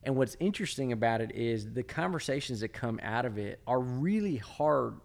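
Guy hosting a podcast, mid pitch, thinks out loud, kinda searching for words. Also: lively intonation, moderate pace, vocal fry. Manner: thoughtful, searching for words while asking questions. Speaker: podcast host. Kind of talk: casual conversation.

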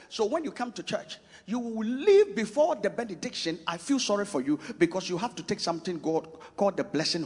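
A man preaching a sermon, emphatic and repetitive, shouting out scripture and lists of points. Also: sits high, husky. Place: church. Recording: long reverb of a church hall.

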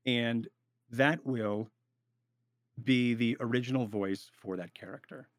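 A man in casual podcast chat giving roleplay advice, rambling and animated, with frequent restarts. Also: mid-range voice, takes it slowly, no echo, clean studio sound.

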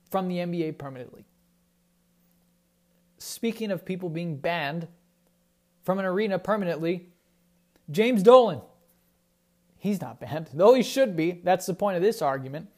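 Male sports ranter, high voice, heated and indignant, repeats points. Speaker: sports commentator. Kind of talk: opinionated sports talk monologue.

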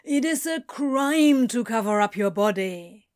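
A woman's voice: medium pitch, slow pace, a little mellow, no echo, clean studio sound, close to an everyday voice. A woman voicing a male demon who talks earnestly, mumbles and whines in remorse. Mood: remorseful. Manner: earnest, mumbling, whiny confessions.

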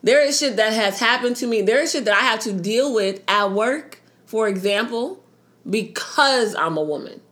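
A woman's voice: a little high, expressive, moderate pace, fairly bright tone. A woman co-hosting a podcast in casual, blunt chat, swearing freely and sounding exasperated. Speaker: podcast co-host.

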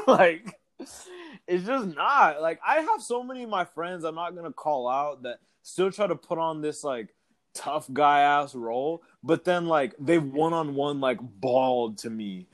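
A young man co-hosts a podcast, chatting candidly and laughing often, with plenty of profanity. His voice is a little high, expressive, and fairly bright, and he takes his time. It's casual chat.

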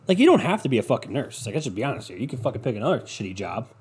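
Racing along with hardly a pause, this twentysomething podcast host tears through a funny story, swearing constantly and dripping sarcasm while doing lively impressions of what people said. His voice is medium in pitch and slightly rough.

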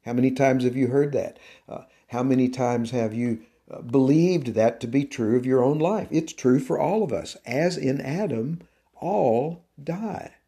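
A man giving a devotional teaching talk on his podcast, slow and deliberate, with an emphatic preaching cadence. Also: medium pitch, warm tone. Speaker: podcast host and Christian teacher.

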